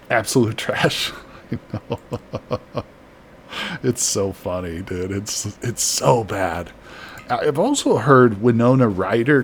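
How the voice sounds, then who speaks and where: A man's voice: mid-range voice, slight background noise. A man chatting casually while streaming a colony game, reading chat aloud and laughing easily. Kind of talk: casual live-stream commentary.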